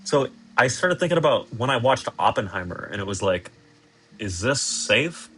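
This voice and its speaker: A man's voice: mid-range voice, sing-song, normal speed, a bit bright, soft background music. A young man streaming from a hotel room, chatting casually and reading out viewer messages in a rambling, sarcastic, self-deprecating way with lots of swearing.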